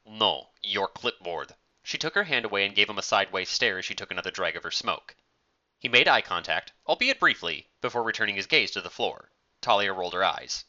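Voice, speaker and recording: Lively, sharp-voiced male storyteller. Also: on the low side, fast. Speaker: narrator. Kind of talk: scripted story narration. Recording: dull lo-fi recording.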